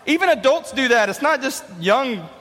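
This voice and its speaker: A man in his thirties tells stories in a high, bright, lively voice as he preaches to young people. His voice swoops widely, carried by a long hall reverb. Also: moderate pace. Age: 30s. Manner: animated storytelling. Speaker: youth pastor. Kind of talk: sermon.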